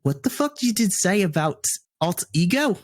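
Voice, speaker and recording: A man's voice: fairly high pitch, moderate pace, darkish tone, no echo, studio quality, lightly acted. A game master voicing a confrontational young punk goth woman, with a loose, shifting put-on accent. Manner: brash, confrontational.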